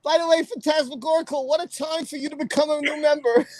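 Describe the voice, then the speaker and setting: High-voiced giggly woman streamer. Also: fairly even intonation, fast talker, darkish tone, dry recording, rough recording. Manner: giggly, laughs often, exclaims a lot. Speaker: livestream host. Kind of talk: casual live-stream chat.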